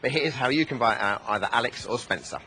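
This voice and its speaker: A man's voice: mid-range voice, lively intonation, fast talker, pushed and bright, a little hiss or hum. Playful man hosting a TV chat. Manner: playful, teasing, mock-posh asides. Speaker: host. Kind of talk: light-hearted TV chat and call-in.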